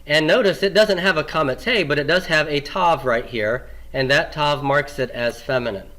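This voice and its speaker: A man's voice: a little high, normal speed, sharp tone. A man teaching Hebrew grammar in a classroom lecture, asking questions and answering them himself and repeating the key forms.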